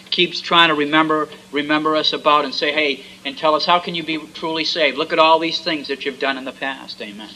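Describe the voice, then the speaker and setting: A man's voice: fairly high pitch, bright, forceful tone, a little hiss or hum, low-quality recording. A man preaching a fervent sermon, with repeated refrains and frequent amens.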